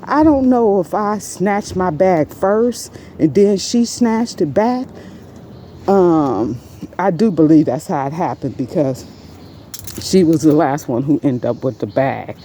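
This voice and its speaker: A woman casually recounting a store incident as a vlog storytime, animated and rambling, her pitch leaping up whenever she quotes someone. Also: slow, slight background noise. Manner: animated, jumps much higher in pitch when quoting herself and others; rambling, many fillers and restarts. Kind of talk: casual first-person storytime.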